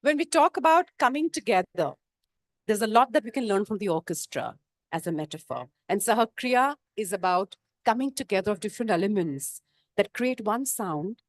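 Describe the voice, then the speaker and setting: A woman's voice: medium pitch, lively intonation, moderate pace. Indian woman musician giving a stage talk. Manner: emphatic, rhetorical questions, sings note names. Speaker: musician speaking at a business summit. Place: conference stage.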